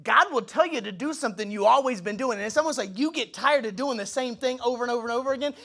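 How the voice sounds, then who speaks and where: A male pastor preaching an energetic sermon in a conversational way, with quick asides to the congregation and moments where he acts out dialogue in other voices. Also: very high-pitched, gravelly.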